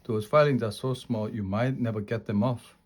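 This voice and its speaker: A man's voice: mid-range voice, steady tone, moderate pace, natural voice. A man voicing a male science teacher instructing his class in a read-aloud storybook. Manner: instructing, explanatory.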